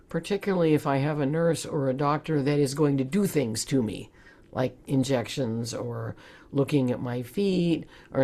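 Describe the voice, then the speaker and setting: A woman's voice: low-pitched, darkish tone. A woman presenting in a webinar, talking in an earnest, conversational way. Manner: conversational, laughs often, earnest. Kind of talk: webinar talk.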